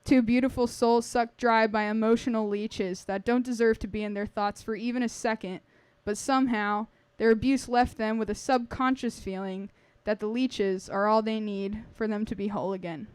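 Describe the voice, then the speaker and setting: A woman's voice: a little high, fairly even intonation, normal speed, hardly any pauses, darkish tone, smooth, dry recording. A woman reading a personal story aloud to a live audience, wry and earnest.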